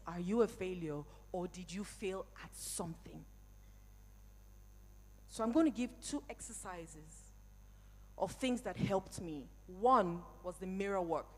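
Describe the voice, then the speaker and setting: In an event hall, a woman aged forty or older speaks straight to a live audience, delivering a motivational talk that is personal and emphatic. Her mid-range voice has a slightly mellow quality, and the recording has a big-room sound.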